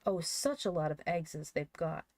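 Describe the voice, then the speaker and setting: A woman voicing an excitable, indignant young boy who shrills and cries out in a storybook reading. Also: low-pitched, moderate pace, no room sound. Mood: pleading, eager.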